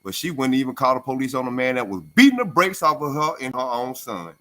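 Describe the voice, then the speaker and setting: A man's voice: medium pitch, lively intonation, fast talker, sharp tone. A man on a call-in radio show telling a story emphatically and with animation. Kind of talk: opinionated radio talk.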